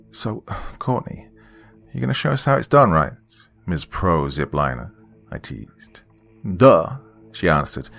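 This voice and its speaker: A deep-voiced man reads a scripted horror story. His delivery is measured, and it falls to a near whisper when the tension builds.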